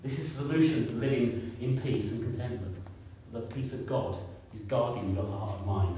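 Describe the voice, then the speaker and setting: A man's voice: medium pitch, animated, moderate pace, few pauses, mellow, a little hiss or hum. A man in his fifties preaching a sermon in a conversational way, repeating points and asking the congregation questions. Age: 50s. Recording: echoey room, picked up from a distance.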